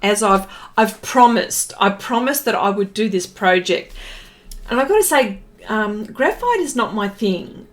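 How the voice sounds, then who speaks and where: Running a casual art livestream, a middle-aged Australian woman speaks at a measured pace in a mid-range voice with lively intonation. She's chatty and somewhat flustered, greeting viewers one by one by name.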